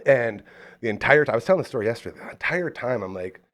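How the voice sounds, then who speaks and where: A man's voice: mid-range voice, fast talker. A man in his twenties, host of a casual live podcast, telling stories and acting out quoted lines. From Canada. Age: 20s. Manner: animated, acts out quotes in story. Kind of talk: casual podcast chat and storytelling.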